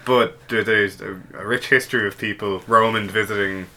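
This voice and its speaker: Male podcast co-host, low bright voice, casual and laughing. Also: fairly even intonation, moderate pace. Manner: laughs often, tells anecdotes loosely. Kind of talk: casual chat.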